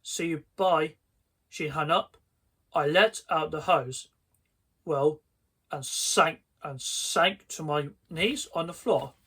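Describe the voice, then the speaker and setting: A man reads a children's horror story aloud, slow and deliberate, sometimes backing up over his words. His voice sits a little high and sounds bright, with a faint husky grain.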